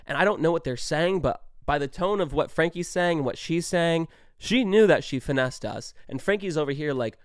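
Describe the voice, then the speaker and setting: A young man in his twenties telling a story in a casual, animated way, swearing often and stressing his words. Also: a little high, normal speed, clear, resonant tone, no room sound, clean studio sound. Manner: animated, profane, emphatic storytelling.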